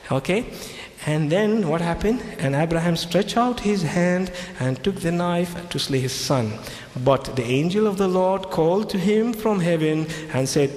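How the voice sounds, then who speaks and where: A man lectures as a Christian speaker in a somewhat high voice, hammering on key phrases by repeating them. His English has non-native phrasing. The sound carries a long, roomy hall echo with faint ambience behind it. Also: a little mellow. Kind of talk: lecture retelling scripture.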